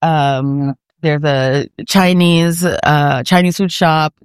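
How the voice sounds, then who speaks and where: A woman's voice: sits low, fairly even intonation, takes it slowly, clear, resonant tone, no echo. Chatty woman, dry close sound. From New York City. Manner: chatty, laughs often, many fillers. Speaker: guest, food podcaster. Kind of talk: casual conversation. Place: outdoor eating area on a market street.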